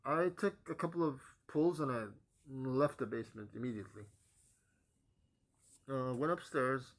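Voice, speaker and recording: Hesitant young man recounting his story. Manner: hesitant, many pauses and fillers, voice dropping low and soft at the ends of phrases. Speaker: vlogger giving a personal testimony. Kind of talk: halting personal storytelling.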